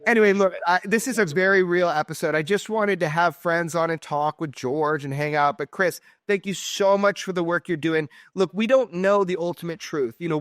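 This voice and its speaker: A man hosting a podcast, chatting casually in an excited, joking and affectionate way. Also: fairly high pitch, clean tone. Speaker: podcast host. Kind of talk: casual chat.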